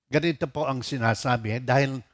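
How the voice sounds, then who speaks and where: A man's voice: medium pitch, fairly even intonation. A male pastor, praying and preaching in a mix of Tagalog and English. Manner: slow and deliberate, mixing Tagalog and English. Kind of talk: sermon and prayer.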